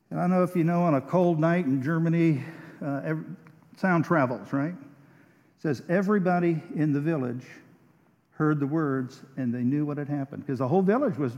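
A man preaching a sermon, telling a story, hushed at times and emphatic at others. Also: a little high, animated, normal speed. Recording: muffled sound with long hall reverb.

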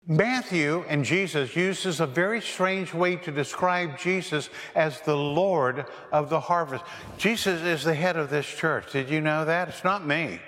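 A man's voice: mid-range voice, fairly bright tone, in a large hall. Storytelling man preaching in a church. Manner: storytelling preacher with rhetorical questions. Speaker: pastor. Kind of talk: sermon.

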